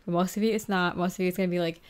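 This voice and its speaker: A woman's voice: fairly low pitch, steady tone, racing, smooth. A woman giving a casual pick-a-card tarot reading, chatty and giggly, filling her talk with "like". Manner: chatty and giggly, heavy use of "like". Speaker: tarot reader.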